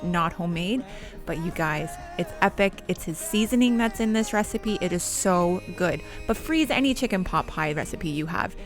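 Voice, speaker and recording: Woman, 30s, casual cooking vlog, home kitchen, chatty, slightly out of breath. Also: medium pitch. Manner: chatty, talks straight to viewers.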